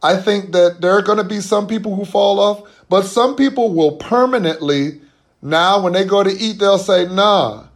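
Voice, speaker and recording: A man's voice: high-pitched, normal speed. A man speaking as an interview guest, earnest and emphatic, with frequent restarts as he makes his points. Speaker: guest, boycott organizer. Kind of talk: conversational interview.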